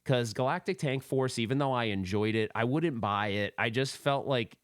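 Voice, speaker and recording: A man's voice: medium pitch, moderate pace, clean tone, dry recording, clean studio sound. A man in his forties from the East Coast with a faint accent, hosting a casual solo podcast and rambling with self-amused laughs. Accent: faint East Coast American. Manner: rambling, laughs at himself, loose fillers. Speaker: podcast host.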